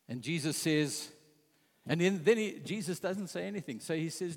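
A man with a high-sitting voice preaches an impassioned sermon at normal speed, retelling scripture and quoting the voices of its figures. A long reverb tail follows his words.

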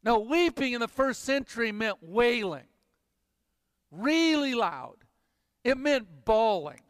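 A man preaching a sermon, emphatic and dropping to hushed intensity, in a church. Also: extremely high pitch, animated, slow pace, clear, resonant tone, no echo, studio quality, big-room sound. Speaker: pastor.

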